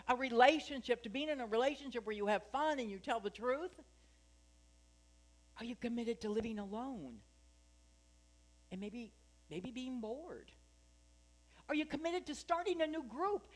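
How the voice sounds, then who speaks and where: Woman minister, sermon, chatty and joking, voice a touch high, draws the congregation in with questions. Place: spiritual center sanctuary.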